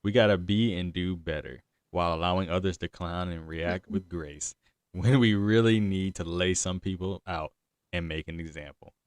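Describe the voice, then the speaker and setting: Brief: young male podcast host, low voice, dry close mic, chatty and loose. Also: fairly even intonation, moderate pace, clear, resonant tone, dry recording. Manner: laughs a lot, loose and chatty. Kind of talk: casual chat.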